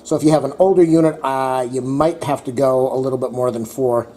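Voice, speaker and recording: A man's voice: medium pitch, fairly even intonation, fairly quick, warm tone. A man chatting to his viewers in a casual home cooking vlog, talking to his dog between bites. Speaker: cooking vlogger.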